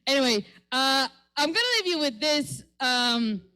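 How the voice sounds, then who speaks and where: A woman's voice: high-pitched, animated, pushed and bright, low-quality recording. A woman from the Middle East doing a brash, profane stand-up routine. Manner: brash, profane, quick punchlines. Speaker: stand-up comedian.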